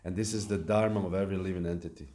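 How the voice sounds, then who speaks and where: A man with a fairly low voice delivers a devotional talk at a temple. He speaks haltingly, often pausing on fillers and restarting phrases as he works through his points. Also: steady tone, mellow, a little hiss or hum. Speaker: lecturer at a temple. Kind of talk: devotional lecture. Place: temple hall.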